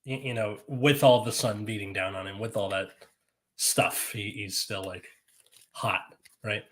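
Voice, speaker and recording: A man in his thirties, a teacher, chatting on a podcast in a laid-back, halting way with trailing phrases. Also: fairly low pitch, steady tone, fairly bright tone. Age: 30s. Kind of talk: casual podcast chat.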